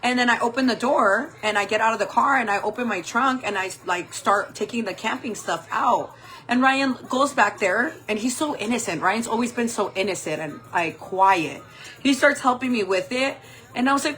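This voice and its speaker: A woman's voice: fairly high pitch, moderate pace, fairly bright tone, poor audio. A woman in her forties telling a story casually while doing her makeup on a livestream, swearing a lot and laughing often. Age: 40s. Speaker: makeup vlogger.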